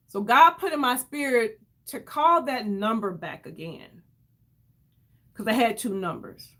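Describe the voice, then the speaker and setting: A woman telling an emotional story to her viewers in a casual, animated way, calling them y'all and acting out what others said. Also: on the high side, unhurried. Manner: animated, addresses viewers as y'all, acts out quoted voices. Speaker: vlogger.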